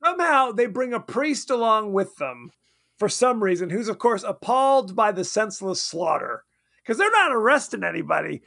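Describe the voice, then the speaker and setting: A man's voice: high voice, sing-song, moderate pace, creaky, bright, forceful tone. A man co-hosting a podcast, recapping a horror film in a rambling, laughing way. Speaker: podcast co-host. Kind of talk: casual movie-recap chat.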